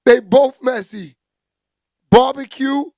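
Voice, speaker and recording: A man hosting a casual livestream, loud and joking as he greets viewers by name and reads their comments. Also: extremely high pitch, slow pace, gravelly, no echo, studio quality. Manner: loud, joking, shouts out chat names. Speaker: livestream host reading chat. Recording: music playing behind.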